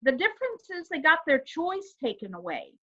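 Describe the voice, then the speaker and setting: A woman's voice: high voice, big pitch swings, normal speed, bright, forceful tone, dull audio. A woman co-hosting a casual inspirational chat, earnest and emphatic, who asks rhetorical questions. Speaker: co-host.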